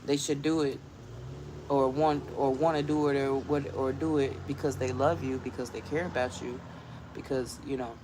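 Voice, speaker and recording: A woman's voice: rumbling low, fairly even intonation, normal speed, background noise. A woman vlogging from her home garden, telling a rambling story to her viewers and laughing often. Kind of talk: casual storytelling chat.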